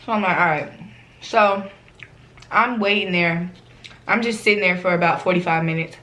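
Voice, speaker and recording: Animated young woman telling a story. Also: lowish voice, normal speed. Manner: animated, slangy, acts out quoted voices. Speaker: vlogger. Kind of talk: casual storytime chat.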